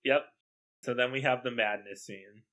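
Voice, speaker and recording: A man co-host talking casually about a play in a bright, forward voice. His remarks are dry and jokey, and his pitch sits in the middle. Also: fairly even intonation, moderate pace. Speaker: podcast co-host.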